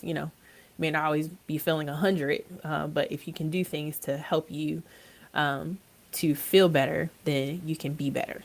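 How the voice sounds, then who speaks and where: Woman podcast host, low and gravelly, monotone, stuffy-nosed, hesitant with lots of fillers. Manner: hesitant, many ums and uhs. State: congested from allergies. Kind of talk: casual podcast monologue.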